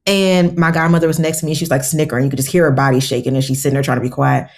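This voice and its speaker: A woman's voice: deep voice, little pitch movement, rapid-fire, a little mellow. A woman herbalist, a guest on a podcast, telling stories in casual conversation and acting out her own quotes.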